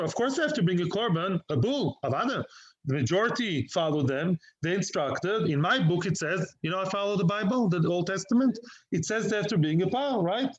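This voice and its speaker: Rabbi, high voice, animated Talmud lecture, slightly dull recording. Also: male voice.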